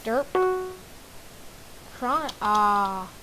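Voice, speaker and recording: A woman giving casual gameplay commentary, excitably guessing aloud and exclaiming at the game. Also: mid-range voice, extremely slow, rough recording. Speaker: gamer. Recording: background game music. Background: game music.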